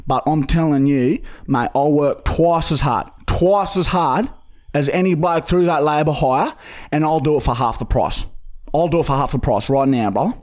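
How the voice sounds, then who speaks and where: A man's voice: a little high, moderate pace, a little mellow, lightly acted. A young man with an Australian accent playing a pushy, swearing job seeker on a prank call, rambling with lots of fillers. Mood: pleading. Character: desperate rough-talking male job seeker. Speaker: prank caller.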